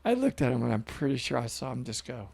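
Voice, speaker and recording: Sheepish man with a gravelly voice. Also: mid-range voice, sing-song, fast, darkish tone. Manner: sheepish, stumbling over words. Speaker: co-host. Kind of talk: casual chat.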